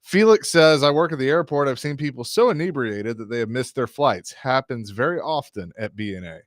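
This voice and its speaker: A man's voice: medium pitch, fairly quick, dry recording, clean studio sound. Easygoing male radio host. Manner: relaxed, joking, reads listener texts. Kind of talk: casual sports radio chat. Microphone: studio mic.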